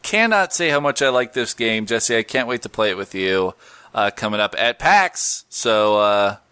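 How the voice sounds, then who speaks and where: A man's voice: lowish voice, expressive, normal speed, bright, forceful tone, clean tone, no room sound, clean studio sound. A man hosting a podcast, chatting casually and jokingly, reading listener posts and plugging shows. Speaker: podcast host.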